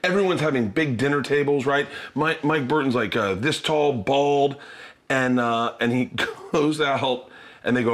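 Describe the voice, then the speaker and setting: Laughing storyteller man, bright tone. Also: mid-range voice, normal speed. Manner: loose, laughing storyteller who acts out the people in his stories. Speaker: host and comedian. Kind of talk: casual chat, storytelling.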